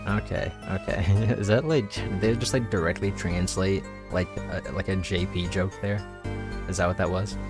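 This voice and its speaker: A man's voice: sits low, fairly even intonation, moderate pace. A young man chatting casually while streaming a game, rambling, laughing often and tripping over his words. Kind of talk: casual gameplay commentary. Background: background music.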